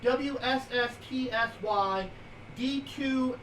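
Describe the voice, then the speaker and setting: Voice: high-pitched, slow, a bit bright. Roomy, distant streamer rambling wrestling news. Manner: meandering, reads news items with fillers. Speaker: streamer co-host. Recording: roomy, distant from mic, faint noise.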